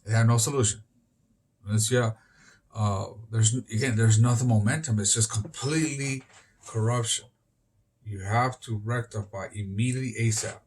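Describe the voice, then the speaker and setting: A man's voice: fairly low pitch, fairly even intonation, moderate pace, a little mellow, a little hiss or hum. A man being interviewed outdoors on the street, talking in a rambling, disjointed way that jumps between topics.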